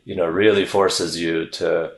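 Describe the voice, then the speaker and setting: A middle-aged man, a neuroscientist from the American South, speaking in a measured, reflective way as a podcast guest. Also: low voice, level tone, echoey room, low-quality recording. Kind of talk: podcast interview.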